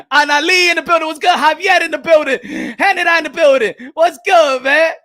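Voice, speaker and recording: A very high-pitched man shouts and rants as a hyped boxing show host, with a gravelly edge. His voice is bright and forceful. The sound is dry and close. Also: fairly even intonation, fairly quick, no room sound.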